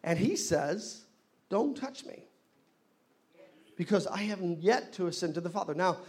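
A man preaching a sermon in a church, leading the congregation in call-and-response and rising to loud exclamations. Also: sits high, a little fast. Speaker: pastor. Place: church hall.

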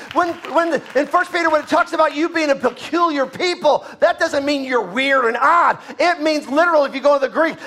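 Man, preacher, very high voice, fervent sermon, shouting emphasis.

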